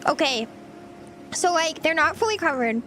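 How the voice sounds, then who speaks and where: Very high, giggly, flustered young-sounding woman. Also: animated, normal speed, sharp tone, slight background noise. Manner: giggly, flustered, talks to chat while cooking. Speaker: streamer cooking on camera. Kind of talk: casual livestream chat.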